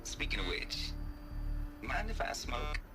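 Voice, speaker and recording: A drawling Southern fugitive. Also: male voice, mid-range voice, big pitch swings, unhurried. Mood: wry. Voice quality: drawling, folksy turns of phrase. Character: smooth-talking Southern male fugitive, wry and laid-back. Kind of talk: video game dialogue. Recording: game audio with music behind.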